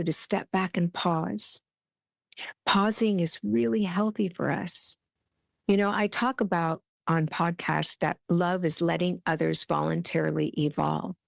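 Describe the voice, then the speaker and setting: A woman's voice: on the low side, gravelly, dry recording, clean studio sound. A middle-aged woman hosting a podcast, giving an earnest, heartfelt spiritual self-help talk. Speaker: podcast host.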